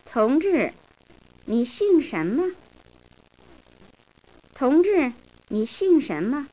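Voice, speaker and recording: Woman, language drill speaker, very slow, careful diction, animated pitch. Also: poor audio. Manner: slow, careful, clearly articulated phrases. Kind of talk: scripted drill phrases.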